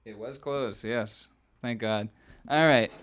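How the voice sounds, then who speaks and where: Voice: mid-range voice, slow, no room sound. A podcast co-host reading film trivia aloud in a playful, mock-dramatic way, between bits of casual chat.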